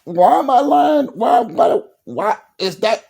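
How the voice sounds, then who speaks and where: Man, high animated voice, unhurried, fired-up sports vlog rant, repeats himself. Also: creaky, husky. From Virginia, USA. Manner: fired-up and repetitive, stumbles over restarts; drops low and emotional at times. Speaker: sports commentary vlogger. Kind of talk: ranting sports vlog monologue.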